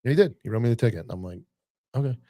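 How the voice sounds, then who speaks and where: A man's voice: medium pitch, lively intonation, racing, warm tone, no echo. A man who is a former cop telling profane stories in casual podcast chat, acting out the people he quotes. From northern US.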